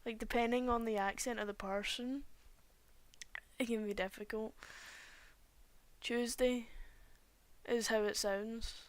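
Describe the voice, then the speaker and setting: A woman's voice: a little high, fairly even intonation, moderate pace. A young woman, chatting casually and rambling while she draws on a stream, recorded on a cheap home microphone. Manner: rambling, chatty, often trails off mid-sentence. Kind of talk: casual chat while drawing.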